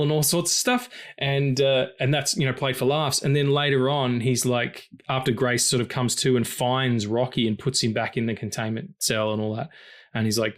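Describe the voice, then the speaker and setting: Animated, excitable man podcaster. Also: moderate pace. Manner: animated, swears often, pitch leaps when excited; passionate and emotional about stories. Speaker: podcast co-host. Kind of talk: casual film-review chat.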